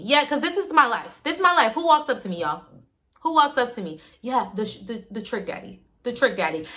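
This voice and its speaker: A young woman telling a casual story to her viewers, animated and acting out the people she quotes. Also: mid-range voice. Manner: animated, acts out quotes in shifting voices.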